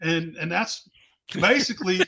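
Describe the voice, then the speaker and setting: Man, high voice, bright forceful tone, profane laughing storyteller. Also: lively intonation, a little slow, breathy edge. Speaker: show host telling a story. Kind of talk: casual storytelling chat.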